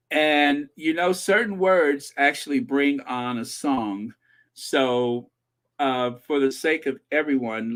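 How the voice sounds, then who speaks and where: A man's voice: mid-range voice, a bit bright. A man hosting a livestream, reading viewer comments in a chatty, rambling way and thinking aloud. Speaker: livestream host reading chat. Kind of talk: casual chat.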